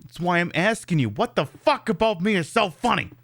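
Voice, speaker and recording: A man's voice: high voice, big pitch swings, brisk, vocal fry, a bit bright, dry recording, full character voice. A man putting on a touchy, menacing wiseguy gangster with a New Jersey accent, stammering and confrontational.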